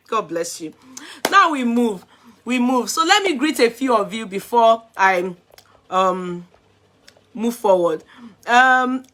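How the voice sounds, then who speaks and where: Woman, Nigerian accent, middle-aged, vlogger, bright, a bit high, chatty. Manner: chatty, affectionate, laughing often. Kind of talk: casual live-stream chat.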